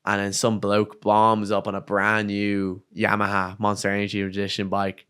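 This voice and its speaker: A young man with an Irish accent, a podcast guest telling a story in casual chat, animated and swearing freely. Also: lowish voice, normal speed, smooth. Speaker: podcast guest, downhill mountain bike racer.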